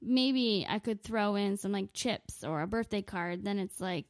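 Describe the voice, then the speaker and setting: A young woman in her twenties tells a comic story, swearing freely and mocking herself with dry sarcasm. Her voice sits at an ordinary middle pitch. The recording is dry and close, with no room sound. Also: measured pace, few pauses, no room sound. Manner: profane, sarcastic, self-mocking. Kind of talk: comedic storytelling monologue.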